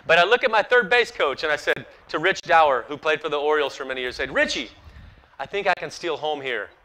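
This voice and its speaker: A man in his forties spins a story for an audience at an outdoor ballpark, his voice pitched fairly high and bright. He acts out the other people's lines and laughs at himself as he goes, rising and falling with the tale. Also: expressive, fast, rough recording. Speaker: former pro baseball player speaking at an event.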